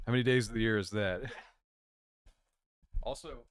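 A man co-hosting a casual chat, rambling and halting with many fillers. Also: fairly low pitch, no echo, clean studio sound. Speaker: co-host.

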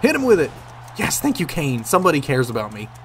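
A man commentating on his own gameplay, excitable, swearing and yelling at the game. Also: on the high side, fast, soft background music. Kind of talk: let's play commentary.

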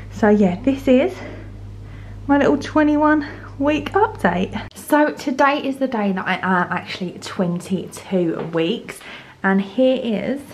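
A woman's voice: on the high side, slight background noise. A young woman from the UK chatting casually in a home vlog, rambling with lots of fillers. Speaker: vlogger. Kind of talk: casual pregnancy update vlog.

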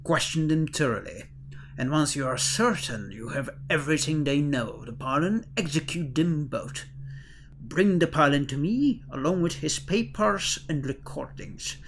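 A stern, pompous lord regent handing down orders, as a man puts him on while reading aloud. The put-on accent wanders and never quite settles. The voice sits somewhat high, with faint noise in the background. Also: expressive, normal speed, vocal fry. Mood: commanding. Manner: odd, wavering put-on accent.

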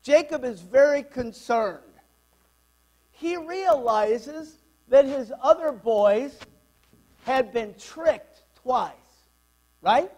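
A man's voice: extremely high pitch, animated, drawn-out words, long pauses, a little mellow. A man in his sixties preaching a fervent, worked-up sermon in church. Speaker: pastor.

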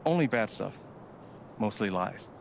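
An actor playing a teasing, easygoing young brother in a video game. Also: male voice, fairly low pitch, animated, unhurried, gravelly, a little hiss or hum. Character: teasing, warm young adult older brother.

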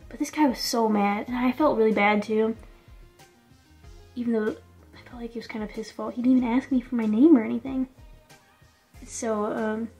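A chatty young woman vlogs from a small indoor room, her voice sitting slightly high. She tells her story casually and leans on "like" all the time. Soft music plays faintly behind her. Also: fairly even intonation, normal speed, pauses often. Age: young adult. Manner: chatty, fills speech with "like". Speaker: vlogger.

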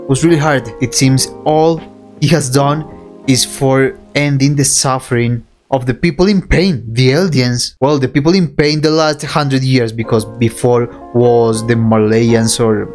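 An excitable young man reacts to anime, his speech unhurried and drawn out, with faint music from the episode playing underneath. He swears freely, laughs often and calls the listener bro, moving between hype and reflection at a mid pitch.

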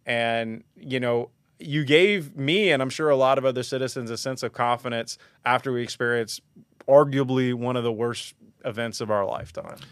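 Smooth-voiced male podcast host. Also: mid-range voice, normal speed, fairly bright tone, no echo, clean studio sound. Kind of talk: interview conversation.

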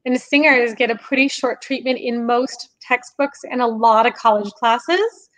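A young woman with a high voice talks through her craft in a podcast interview. Her delivery is animated and explanatory, and she laughs easily as she goes. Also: unhurried, rough recording. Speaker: podcast guest, singer and composer. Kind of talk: conversational interview.

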